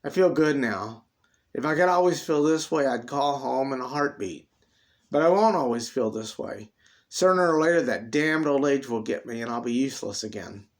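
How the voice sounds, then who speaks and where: A man voicing a proud old cowboy who fears growing old and useless, talking gruffly with emotional outbursts. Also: mid-range voice, lively intonation, moderate pace, natural voice. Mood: wistful.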